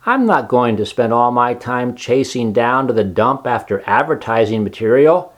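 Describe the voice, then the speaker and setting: A man's voice: medium pitch, lively intonation, moderate pace, lightly acted. A man voicing a grumpy, greedy barn rat who grumbles and answers back sarcastically.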